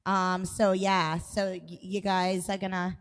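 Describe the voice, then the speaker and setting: A woman's voice: fairly low pitch, flat delivery, slow pace, clear, resonant tone, long reverb tail. A woman hosting a live music stream, chatting casually and rambling with frequent restarts.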